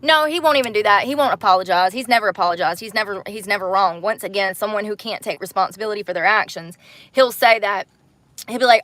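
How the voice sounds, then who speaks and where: A woman rants to her livestream viewers in a blunt, heated, profane way. Her voice sits at a middle pitch, and the sound is dry and close, with no room echo. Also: quick pace, fairly bright tone. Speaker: livestream host. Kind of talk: angry livestream rant.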